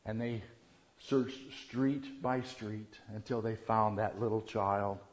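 A man's voice: fairly low pitch, slow pace. Man preaching with big dynamic swings. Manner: lively, swings from quiet reverence to loud animated storytelling. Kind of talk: Christmas sermon. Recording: dull lo-fi sound.

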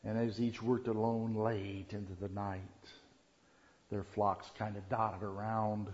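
A man preaching a Christmas sermon, shifting from quiet reverence to loud, animated storytelling. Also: lowish voice, takes it slowly. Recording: dull lo-fi sound.

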